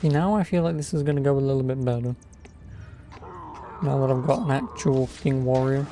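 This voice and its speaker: A man's voice: mid-range voice, steady tone, brisk, mellow, slight background noise. A man giving casual, sarcastic gameplay commentary as a streamer. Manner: wry, sarcastic. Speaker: let's play streamer.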